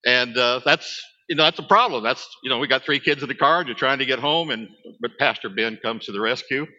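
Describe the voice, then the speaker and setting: A man's voice: mid-range voice, a little fast, bright, forceful tone, long reverb tail, muffled recording. A man, preaching a sermon as a pastor, talking conversationally with asides to his congregation.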